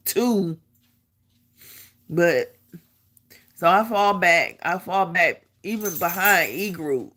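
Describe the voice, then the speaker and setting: Animated woman telling a story. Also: mid-range voice. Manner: animated, acts out quotes, laughs while telling. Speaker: vlogger. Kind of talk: casual storytelling.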